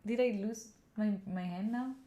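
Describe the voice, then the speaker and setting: This study streamer from Italy has a warm, mid-range voice and a moderate pace. A native Italian speaker, she chats loosely with her viewers, wandering off topic, teasing herself and laughing a lot.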